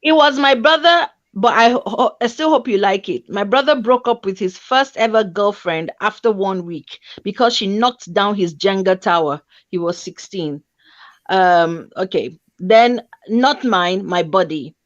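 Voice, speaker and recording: A woman, hosting a casual online chat show, reading stories aloud with lively, teasing asides. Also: medium pitch, unhurried, no room sound, dull audio. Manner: animated, laughing, teasing asides. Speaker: show host. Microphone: video call stream.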